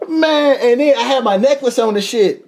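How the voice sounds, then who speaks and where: A young man, a podcast host telling a profane, animated travel story in casual chat, laughing often. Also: very high-pitched, moderate pace, over a noisy crowd. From United States.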